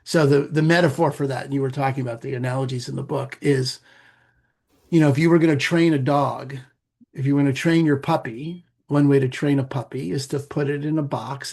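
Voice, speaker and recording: A middle-aged man, a meditation teacher and podcast guest, explaining in a relaxed conversational way with playful asides. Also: mid-range voice, a little fast. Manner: gravelly, husky, animated with playful asides.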